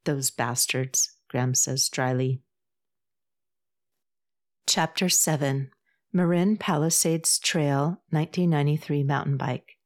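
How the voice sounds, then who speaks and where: A woman narrating a novel in a measured, even storytelling voice. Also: low voice. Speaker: audiobook narrator. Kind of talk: scripted narration.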